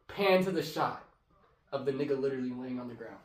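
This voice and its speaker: Young man telling a loud, profane story in an echoey garage. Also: mid-range voice, lively intonation, a little fast. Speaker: podcast host. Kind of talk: casual chat. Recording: echoey garage, mic at a distance.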